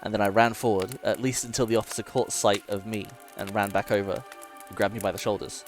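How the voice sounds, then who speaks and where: A man's voice: lowish voice, little pitch movement, fairly quick, faint music behind. A man streamer dramatically reading a horror story aloud, sometimes breaking off to swear and joke with his chat.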